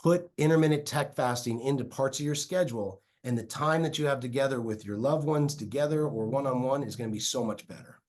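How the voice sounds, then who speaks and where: Animated middle-aged man telling a story. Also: mid-range voice, a little fast, hardly any pauses. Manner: animated storyteller, acts out quotes. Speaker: real estate investor and guest. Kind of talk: storytelling in a podcast interview. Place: small home office in his yard.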